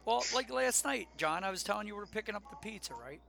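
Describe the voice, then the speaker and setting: A middle-aged man co-hosting a casual chat show, talking in an animated, emphatic rant. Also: high voice, fast talker, creaky. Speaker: podcast co-host.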